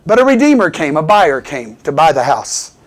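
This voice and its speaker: Fervent preacher man, fairly high voice. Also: normal speed. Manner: animated, fervent, repeatedly asks for "Amen". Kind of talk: sermon with call-and-response.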